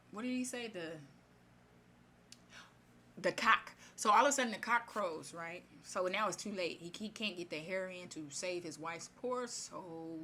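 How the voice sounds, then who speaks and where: A woman retelling a fairy tale in her own casual words, chatty and animated, with many fillers and asides. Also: lowish voice, slight background noise. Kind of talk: casual spoken retelling of a story.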